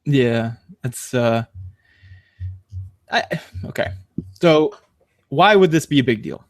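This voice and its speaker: With a mid-range voice and slow pace, a man hosts a casual podcast, laughing through his animated stories amid plenty of fillers and false starts. The sound is clean studio audio with no audible room.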